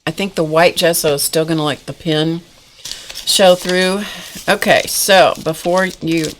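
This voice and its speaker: A woman with a low voice speaks at a measured pace with fairly even intonation, and a little hiss or hum is audible. She leads a casual live-stream art class from a home desk, demonstrating and chatting folksily with viewers. The sound comes from a camera mic at the desk.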